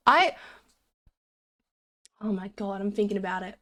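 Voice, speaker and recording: A woman's voice: mid-range voice, expressive, slow pace, pauses often, pushed and bright, no echo, clean studio sound. A young woman streamer chatting casually with her chat, rambling and giggling between jokes.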